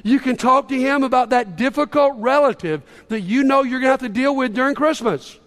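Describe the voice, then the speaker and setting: A man's voice: very high-pitched, a little fast, fairly bright tone. A man preaching a casual, conversational sermon as a pastor, sometimes acting out the voices of the people he quotes. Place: church sanctuary. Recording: reverberant church hall.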